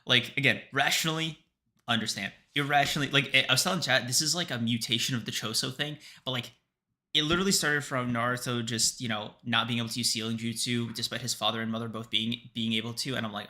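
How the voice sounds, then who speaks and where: Very bright-voiced, swearing podcast man. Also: mid-range voice, fast talker. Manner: animated, profane, laughs often. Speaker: podcast co-host. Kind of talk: casual livestream chat.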